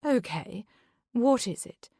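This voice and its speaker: Doting older woman in an audiobook, soft and affectionate, close dry read, played by a woman. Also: fairly high pitch, expressive, slow, gravelly, husky, no room sound, pitched above the performer's own voice, exaggerated voice. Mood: fond.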